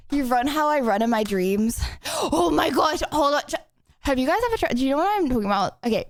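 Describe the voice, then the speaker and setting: A young woman live-streaming in a chatty, giggly way, her high voice jumping all over the place. She sounds slightly out of breath as she talks to her viewers. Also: lively intonation, fairly quick, no room sound, clean studio sound. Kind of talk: casual live-stream chat.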